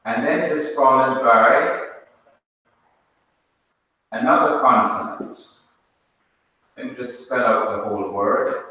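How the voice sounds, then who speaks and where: A man teaching a Hebrew class, explaining slowly and step by step. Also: medium pitch, bright, forceful tone. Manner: slow, explains step by step, spells things out. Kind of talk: classroom lesson. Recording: echoey hall, speaker far from mic.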